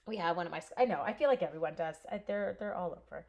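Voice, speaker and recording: A woman's voice: on the low side, lively intonation, rapid-fire, vocal fry, a little mellow. A woman in her forties from Canada hosting a casual live stamping stream, telling a long story while cutting paper and answering viewers by name.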